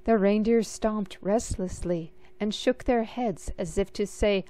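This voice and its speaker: A woman reads a picture book aloud. Her delivery is slow and expressive, in a mid-pitched voice. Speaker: storybook reader.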